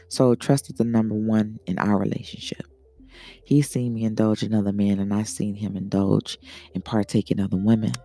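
A woman's voice: extremely low pitch, warm tone. A man voicing a frank, motherly woman swinger with a New Orleans accent who calls everyone baby. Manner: calls people baby, blunt advice. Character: sassy older woman swinger, soothing and frank.

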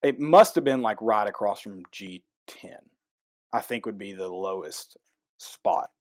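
A man, co-hosting a casual talk show, telling a rambling, excitable story and correcting himself as he goes. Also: on the low side, a little slow, no room sound. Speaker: podcast co-host.

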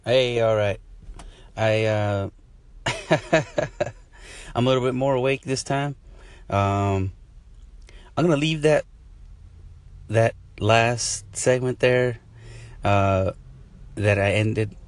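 Closing out his own podcast, a man rambles casually with frequent chuckles and self-deprecating remarks. He speaks slowly in a fairly low, clear, resonant voice, pausing often, and the recording is dry.

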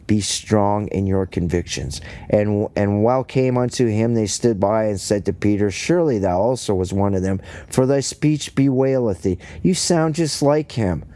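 A man with a fairly low voice leads a homespun Bible study podcast. He reads scripture, then explains it in plain, folksy talk with joking asides. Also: dark tone. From Canada. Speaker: podcast host and lay preacher. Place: rural home, indoors.

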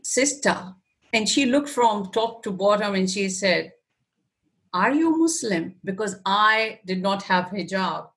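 A woman's voice: medium pitch, a little slow, hardly any pauses, a bit bright. A woman guest in an interview telling an emotional personal story, acting out her own past words and often laughing.

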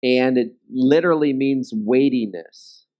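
A man's voice: medium pitch, unhurried, warm tone. Conversational man teaching a Bible study. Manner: frequent "okay?" and "right?" check-ins; self-deprecating humor.

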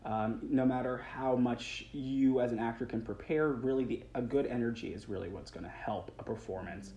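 A man's voice: mid-range voice, normal speed, warm tone. A young man who works as a stage actor, chatting earnestly in an interview, rambling a little with restarts and small laughs. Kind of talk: casual interview chat. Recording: roomy sound with faint background noise.

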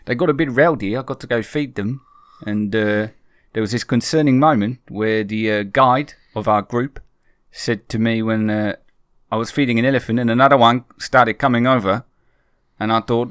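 A man's voice: mid-range voice, normal speed, fairly bright tone, clear, resonant tone, no room sound, studio quality. A man co-hosting a casual podcast, telling rambling, self-mocking travel stories. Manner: chatty, self-mocking storyteller. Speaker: podcast co-host.

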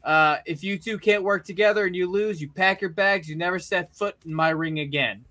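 A smug wrestling boss lays down the rules in a commanding tone, as a man puts him on. The voice sits high and bright. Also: a little fast. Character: smug male wrestling company boss, controlling.

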